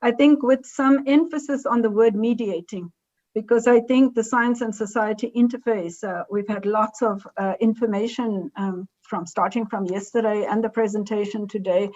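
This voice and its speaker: A woman's voice: a little high, steady tone, a little mellow. Woman on a muffled call. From South Africa. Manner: halting, self-correcting delivery. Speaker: invited conference speaker. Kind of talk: remote conference presentation.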